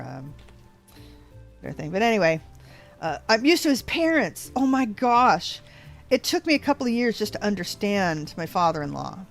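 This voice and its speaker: Rambly older lady with a hint of drawl, kinda low voice, soft music behind. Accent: American, slight Texas drawl. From American West Coast. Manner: rambling, chatty, self-correcting. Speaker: let's play host. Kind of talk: casual gameplay chat. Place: home, living in Georgia.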